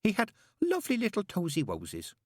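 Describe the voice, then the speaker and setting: A dazed former nun, a middle-aged woman answering in a hollow, wistful voice, as a male narrator puts her on. Pitched well up and close to the mic. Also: wildly swooping pitch, a little fast, no echo, full character voice.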